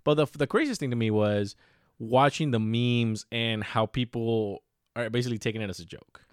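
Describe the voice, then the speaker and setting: A man's voice: mid-range voice, normal speed, clear, resonant tone, dry recording, studio quality. A man chatting casually as a podcast co-host, rambling loosely, swearing freely and acting out his own reactions. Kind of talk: casual chat.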